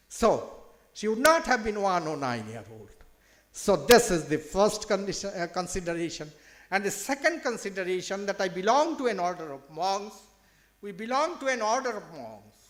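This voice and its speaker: A man with an Indian English accent telling a story in a seminar speech, emphatic and slowing down for effect, repeating phrases. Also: high-pitched, fairly bright tone. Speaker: speaker at a religious seminar.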